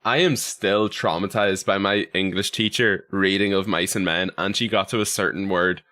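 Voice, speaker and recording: A man's voice: low voice, fairly even intonation, normal speed, sharp tone. A young Irish man chatting on his livestream, reading out chat messages and rambling through funny stories. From Ireland. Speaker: streamer.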